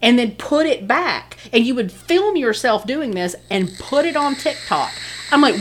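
A woman's voice: fairly high pitch, animated, unhurried, hardly any pauses, a little hiss or hum. A woman co-hosting a casual podcast, blunt and opinionated, swearing freely. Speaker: podcast co-host. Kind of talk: casual chat.

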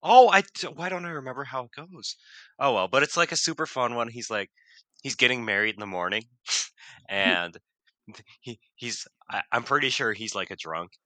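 A man's voice: on the low side, normal speed, no room sound. A male vocal music teacher chatting casually, telling stories with lots of fillers and laughter. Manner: rambling, animated storytelling with many fillers and laughs. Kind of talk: casual podcast chat.

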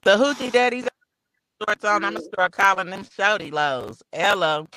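A woman's voice: mid-range voice, moderate pace, background noise. A woman co-hosting a podcast in a playful, teasing way, drawing out her words for effect. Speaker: podcast co-host. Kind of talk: casual chat.

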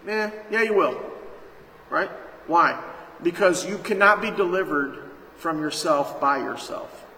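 A man's voice: on the high side, animated, unhurried, bright, forceful tone. A man preaching a sermon as pastor, emphatic and calling out to his congregation. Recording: echoey hall, faint noise.

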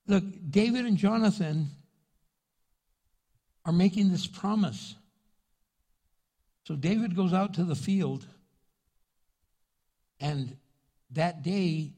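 An older man preaching a sermon as pastor, in an animated, folksy way. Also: a little high. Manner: animated, folksy, acts out quotes in voices.

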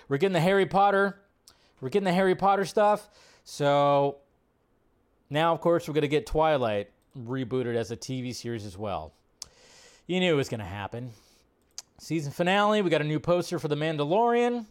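A man hosting a casual live-stream about movie news. His voice sits fairly high. He talks with plenty of enthusiasm and riffs by repeating words over and over. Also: lively intonation, moderate pace, clean tone.

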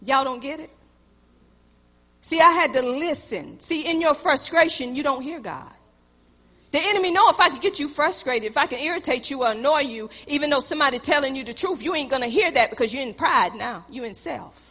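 High bright woman preaching in reverberant hall. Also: lively intonation, a little fast. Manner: storytelling preaching, swings from loud exhortation to quiet asides. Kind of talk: sermon.

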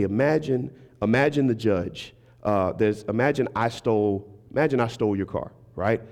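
A man's voice: mid-range voice, normal speed, few pauses, a little mellow. A man preaching as a guest minister, telling stories conversationally and talking directly to his congregation. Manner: conversational storytelling, acting out quoted voices; engages the congregation with asides. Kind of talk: sermon. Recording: reverberant hall.

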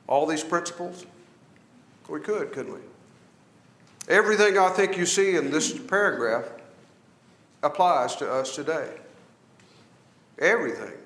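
A man's voice: a little high, a bit bright, reverberant. A man teaching a Bible class, reading verses aloud and asking the class questions that he then answers himself. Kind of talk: Bible study lesson, reading scripture aloud.

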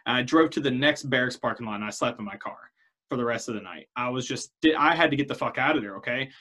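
A man's voice: medium pitch, quick pace, sharp tone. Profane man telling a long story. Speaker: podcast co-host telling a story. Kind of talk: casual podcast chat.

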